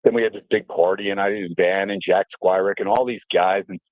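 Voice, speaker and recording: Lively storytelling man on a phone line. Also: low-pitched, fairly quick, dry recording. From New Jersey. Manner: animated storyteller, fillers, mimics voices. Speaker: radio host guest. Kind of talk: casual radio storytelling. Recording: tinny phone-line audio.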